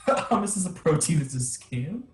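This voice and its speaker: A young college woman chats on an improv livestream in a teasing, sarcastic way. Her voice is lowish but swings widely. She sounds echoey, with faint music underneath. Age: young adult. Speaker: college improv troupe member. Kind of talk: casual chat on a livestream.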